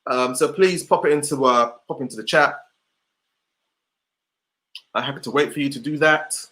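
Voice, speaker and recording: A man's voice: mid-range voice, normal speed, a bit bright. A man giving an online motivational session over a video call, repeating rhetorical questions to his audience. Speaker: motivational speaker.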